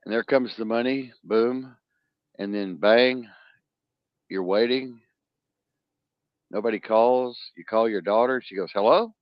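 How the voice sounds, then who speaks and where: Brief: emphatic podcast host, low voice, dry, muffled recording. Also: male voice, takes it slowly, pauses often, dry recording. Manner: emphatic, warning, addresses the audience. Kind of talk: casual podcast talk.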